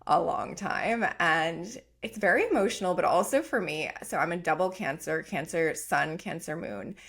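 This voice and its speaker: A woman's voice: on the low side, lively intonation, normal speed, fairly bright tone, husky. A woman hosting a podcast in a casual chat, gushing and upbeat, often using "like.". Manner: gushing and upbeat, heavy use of "like". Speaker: podcast host and oracle coach.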